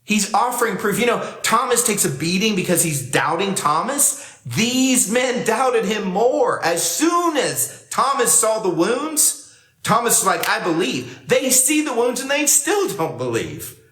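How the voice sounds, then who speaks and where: A man preaching in a relaxed, conversational style, slipping into the quoted lines as he reads. His voice sits a little high for a man. The room around him rings with a roomy echo, as he speaks to a camera for an online service. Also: measured pace. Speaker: pastor. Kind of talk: sermon.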